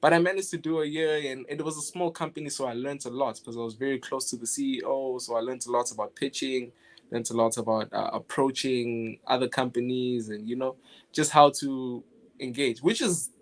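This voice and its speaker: A young man from South Africa, a guest animator in a casual interview, talking in a relaxed way, laughing often and restarting his phrases. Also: mid-range voice, a little fast.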